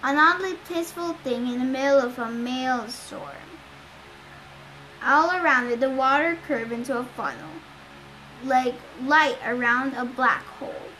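High-voiced woman reading a novel aloud. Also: measured pace, sharp tone, a little hiss or hum, low-quality recording. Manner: occasional stumbles and restarts. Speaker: reader.

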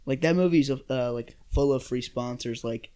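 A man on a casual podcast, rambling and halting with lots of "like" and "uh.". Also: mid-range voice, warm tone, clear, resonant tone. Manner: rambling, halting, many fillers. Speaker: podcast guest. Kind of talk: casual chat.

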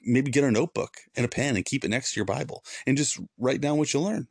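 A man's voice: mid-range voice, quick pace, gravelly, a little mellow, breathy edge, no echo, studio quality. A man who is a former pastor, hosting a devotional podcast in an earnest, preachy way and repeating points for emphasis.

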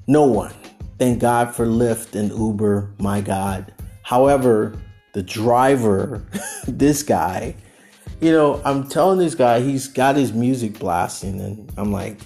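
Low-voiced man telling a rambling story. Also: measured pace, gravelly, soft background music. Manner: rambling, animated, acts out quotes. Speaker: podcast host. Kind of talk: personal storytelling monologue.

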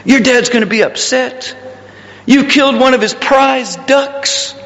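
A man voicing a scheming farmhand in a sermon story, speaking low and hushed. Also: a little slow, big-room sound, muffled recording, full character voice. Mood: conspiratorial. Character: scheming adult male farmhand, sly and threatening.

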